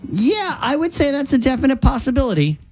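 Doting mother voiced by a woman, rapid motherly questions, radio comedy. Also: high-pitched, very animated, a little mellow, faint music behind, pitched above the performer's own voice, full character voice. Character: doting fussy mother greeting her kid.

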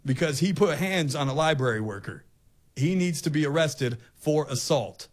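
Guy hosting a talk show, heated rant, kinda high voice, says stuff twice. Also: expressive, normal speed. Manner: impassioned, ranting, repeats himself. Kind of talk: opinion monologue.

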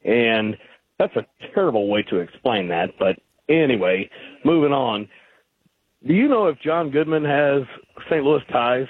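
A man's voice: mid-range voice, expressive, measured pace, dry recording. A man calling in to a radio show, arguing his point with hesitant fillers. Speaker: radio caller. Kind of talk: phone-in conversation. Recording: phone line.

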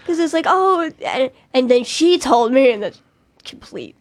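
A young woman with a fairly high voice, talking in a loose, giggly, rambling way as a podcast co-host. She restarts her sentences often and laughs easily. The sound is dry and close, with no room around it. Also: lively intonation, normal speed, darkish tone, no echo. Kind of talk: casual chat.

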